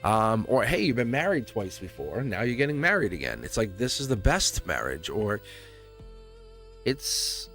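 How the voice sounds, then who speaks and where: Male tarot reader, fervent and reassuring, with a lively pitch, faint music underneath. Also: normal speed. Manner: fervent, reassuring, repeats phrases, laughs often. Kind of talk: live tarot reading.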